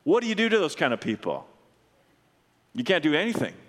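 A man preaching a sermon, telling a story earnestly and dropping low and slow at solemn moments. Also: big pitch swings, long reverb tail. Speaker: pastor.

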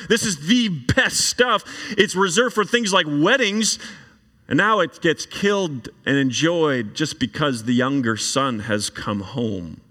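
A man preaching a sermon, reading scripture aloud and then explaining it in an animated way. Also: on the high side. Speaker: pastor. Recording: long reverb of a large hall.

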